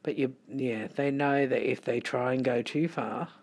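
Slow, husky Australian tarot reader. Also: medium pitch, fairly even intonation, a little mellow. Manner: chatty and rambling, with muttered asides. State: sleepy, late at night. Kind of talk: casual tarot reading.

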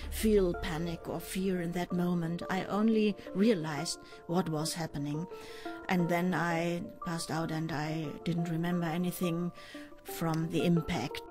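An older woman in an interview, recounting a personal ordeal in a measured, halting way with pauses and fillers. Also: fairly low pitch, flat delivery. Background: faint music.

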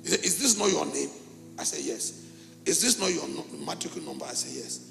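A middle-aged pastor from Cameroon, preaching a sermon and telling a story with animated, acted-out dialogue in a gravelly voice. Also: male voice, a little high, a little fast, soft background music. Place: church hall. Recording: echoey church hall.

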